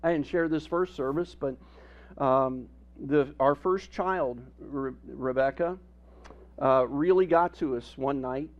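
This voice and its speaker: A man preaching a sermon as pastor, telling family stories with humor and animated emphasis. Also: mid-range voice, takes it slowly, dull audio. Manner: storytelling with humor, animated and lively.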